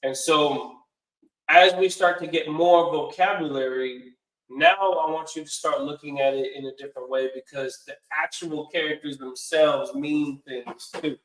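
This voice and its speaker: A man's voice: on the high side, steady tone, a little slow, fairly bright tone. A man giving a classroom lecture in an earnest, repetitive way. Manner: earnest lecturing, repeats himself. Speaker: teacher. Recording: echoey room.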